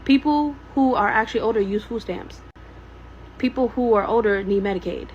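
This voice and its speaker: A woman in a social media clip, talking in a fast, indignant way. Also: on the high side, darkish tone, dull audio, slight background noise. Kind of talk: ranting video clip.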